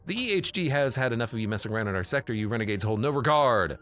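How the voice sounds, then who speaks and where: A man's voice: mid-range voice, expressive, racing, a bit bright, soft background music, natural voice. A man reading as a stern space officer. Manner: stern and commanding. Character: stern male officer of a greedy space regime.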